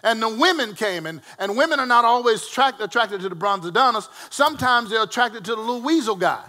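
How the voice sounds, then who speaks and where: A man preaching a sermon to a responding congregation, swinging between loud, emphatic calls and quiet storytelling. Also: very high-pitched, animated, brisk.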